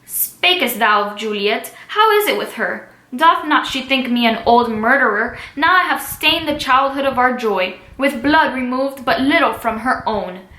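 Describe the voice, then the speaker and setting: A desperate, grieving young man cries out his questions, as a woman reads his part. The voice is bright and forceful and stays fairly high. The recording sounds echoey. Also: lively intonation, a little slow, hardly any pauses. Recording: echoey room.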